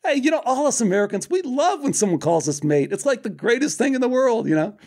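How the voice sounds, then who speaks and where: A man's voice: extremely high pitch, sing-song, fast talker, a little mellow. Earnest Chicago man hosting a podcast. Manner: earnest, enthusiastic, spiritual musing. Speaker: podcast host. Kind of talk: casual interview chat.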